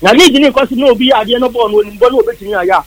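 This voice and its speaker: A man arguing about football on a radio show, animated and insistent, repeating his points. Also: very high-pitched, racing, low-quality recording. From Ghana. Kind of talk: Twi sports radio chat.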